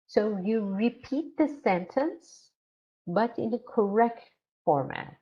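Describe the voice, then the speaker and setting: A woman's voice: mid-range voice, lively intonation, takes it slowly, mellow. A woman leading a grammar teaching workshop for English teachers, repeating her phrases and acting out short teacher and student exchanges. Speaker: ESL teacher trainer. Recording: dull lo-fi sound.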